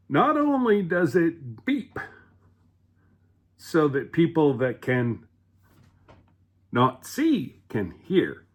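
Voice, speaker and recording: A man's voice: a little high, husky. A man casually rambling through a home cooking vlog, chatty and full of fillers, restarts and asides.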